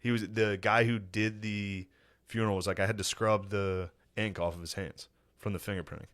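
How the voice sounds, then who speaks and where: A man co-hosting a podcast in casual chat, telling a story with animated laughs and slow, emphatic beats. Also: lowish voice. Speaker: podcast co-host.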